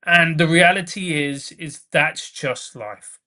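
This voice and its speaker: A man's voice: on the high side, slow, pushed and bright. A male comedian guest in casual podcast chat, talking earnestly and repeating phrases for emphasis.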